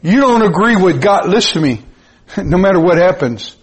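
A man preaching a sermon, emphatic and repetitive, with sudden high-pitched rises. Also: animated, moderate pace, husky. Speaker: pastor.

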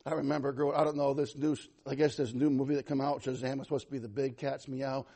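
A man preaching a sermon as pastor, animated and conversational, swinging from loud to soft with some self-deprecating humor. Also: medium pitch, fast talker.

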